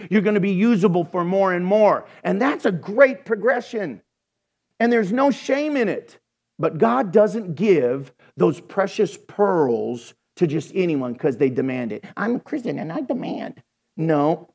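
A man preaching a sermon as pastor, animated, telling folksy jokes between points. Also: high-pitched.

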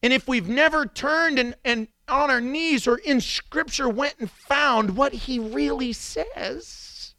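A middle-aged man preaching a sermon with animated storytelling, jumping into sudden impressions. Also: very high-pitched, slow, few pauses, no echo. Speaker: pastor.

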